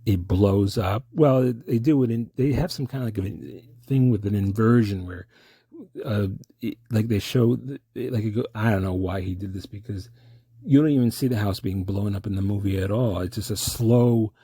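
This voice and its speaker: A man rambling through a comic monologue in halting, stammering restarts. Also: fairly low pitch, dark tone, breathy edge, no room sound.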